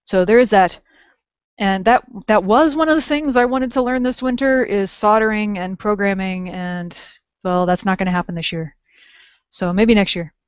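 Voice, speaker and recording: A woman's voice: mid-range voice, moderate pace, clean tone, no echo. A woman co-hosting a podcast in casual chat, wry and self-mocking as she explains crafting tips. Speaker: podcast co-host. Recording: dull lo-fi dry podcast audio.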